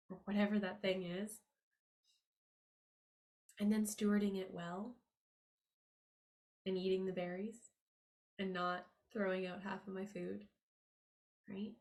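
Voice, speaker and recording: An upbeat woman talks straight to her listeners in a motivational podcast monologue, at an ordinary, middle-of-the-road pitch for a woman. She is earnest and confiding, and her voice jumps up with emphasis whenever she drives a point home. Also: level tone, slow pace, pauses often, darkish tone. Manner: upbeat and emphatic, rising pitch on key words. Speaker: podcast host. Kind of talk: motivational money-mindset monologue.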